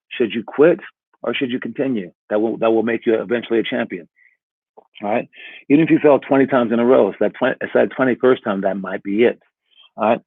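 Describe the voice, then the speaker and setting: A man's voice: mid-range voice, no echo. Guy rambling through a pep talk, keeps asking all right?, tinny phone sound, dead dry. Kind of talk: casual motivational talk.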